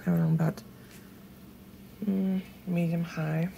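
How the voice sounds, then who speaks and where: A hoarse woman, chatting to viewers while she cooks in her home kitchen, filmed on a handheld phone. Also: lowish voice, flat delivery, takes it slowly, mellow, a little hiss or hum, low-quality recording. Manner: chatty, talks straight to viewers. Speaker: home cooking channel host. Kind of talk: casual cooking demonstration. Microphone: phone held in one hand.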